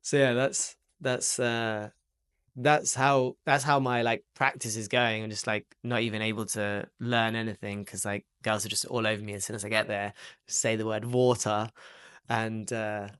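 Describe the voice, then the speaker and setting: A man's voice: lowish voice, little pitch movement, moderate pace, a bit bright, smooth. A young man with an English accent rehearsing a stand-up routine, telling stories in a rambling way with lots of fillers. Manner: rambling, filler-heavy storytelling. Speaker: aspiring comedian and rapper.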